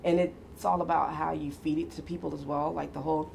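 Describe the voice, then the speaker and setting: A middle-aged woman chatting casually as a guest, telling animated stories, quoting people and laughing often. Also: sits low, brisk, gravelly, slight background noise. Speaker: guest mother. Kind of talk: casual conversation.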